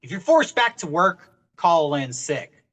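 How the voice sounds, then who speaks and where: A man's voice: a little high, sing-song, unhurried, a bit bright. A man in a casual podcast chat, joking and upbeat. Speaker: podcast co-host.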